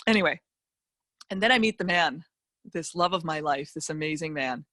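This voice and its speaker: A woman's voice: low voice, moderate pace, no room sound, clean studio sound. Emphatic woman telling a motivational story. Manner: emphatic, animated storytelling with vivid asides. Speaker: guest speaker, financial educator.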